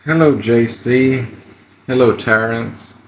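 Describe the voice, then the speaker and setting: A man hosting a live stream, greeting viewers by name in an unhurried way with fillers. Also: medium pitch, steady tone. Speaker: livestream host. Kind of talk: casual live-stream chat. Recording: roomy, dull lo-fi livestream audio.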